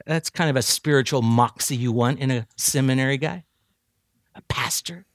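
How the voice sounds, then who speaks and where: A man preaching a sermon to seminary students, emphatic and building to near shouts. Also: mid-range voice, normal speed, dry recording, studio quality. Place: chapel addressing seminary students.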